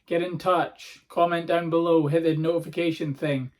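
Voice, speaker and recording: A man, a comedian hosting his own podcast, telling rambling, sweary stories in a casual monologue. He is hoarse from a sore throat. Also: a little high, little pitch movement, moderate pace.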